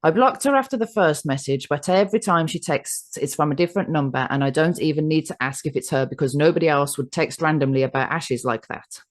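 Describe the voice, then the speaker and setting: A woman's voice: deep voice, brisk, hardly any pauses. Dry-toned English woman co-host. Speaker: podcast co-host. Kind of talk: casual chat and reading posts aloud.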